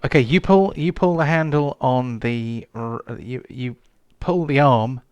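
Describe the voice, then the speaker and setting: Slow, halting male game master. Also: medium pitch, a little mellow, clear, resonant tone, dry recording, highs cut off. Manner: hesitant, lots of ums and restarts. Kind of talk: narrating a tabletop game.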